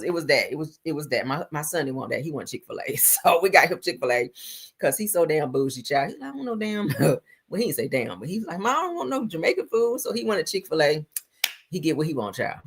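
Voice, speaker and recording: Hosting a live stream, a middle-aged woman chats casually and saltily with viewers, talking to chat and laughing often. Her voice is deep with a fairly bright tone.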